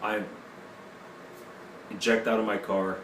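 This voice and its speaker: A man's voice: fairly low pitch, level tone, slow, background noise. A man giving his personal testimony in an interview, speaking broken English with many fillers. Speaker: interview guest. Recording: echoey room, mic at a distance.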